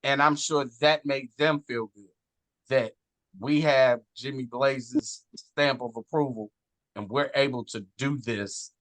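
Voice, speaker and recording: A man, talking casually and earnestly as a guest, animated and swearing now and then. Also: medium pitch, takes it slowly, no room sound. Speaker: guest on a wrestling talk show. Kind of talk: casual heartfelt chat.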